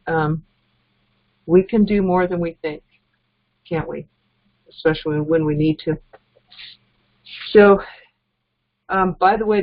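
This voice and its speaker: A woman giving a casual, earnest motivational training talk as a network marketing trainer, chuckling between points. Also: on the low side. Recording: dull lo-fi recording.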